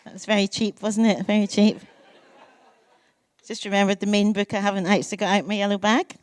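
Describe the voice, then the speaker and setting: A Scottish woman in her sixties, a poet giving a public lecture, telling lively, self-mocking stories and savouring lists. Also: medium pitch, fairly quick, no echo, some chatter behind. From Scotland. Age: 60s. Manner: lively storytelling, self-mocking asides, lists delivered with relish. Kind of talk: public lecture with anecdotes and readings.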